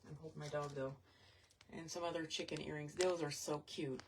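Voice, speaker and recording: A woman's voice: deep voice, steady tone, brisk, background noise. A woman vendor chatting casually and rambling as she shows her items in a selling vlog. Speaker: vintage and jewelry vendor.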